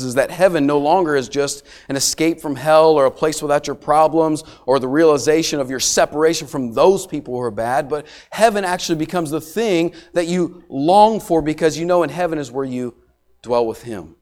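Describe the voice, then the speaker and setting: A middle-aged male pastor delivering a sermon, swinging between raised emphasis and quiet, slowed-down words. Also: on the high side. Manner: dramatic preaching with wide swings in loudness, dropping to hushed emphasis.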